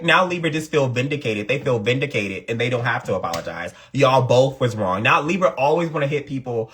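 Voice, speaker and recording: A man's voice: brisk, hardly any pauses. A man giving a casual astrology reading, repeating points for emphasis in colloquial speech. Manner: animated, acts out quotes in a higher voice. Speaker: astrology reader. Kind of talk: casual astrology talk to camera.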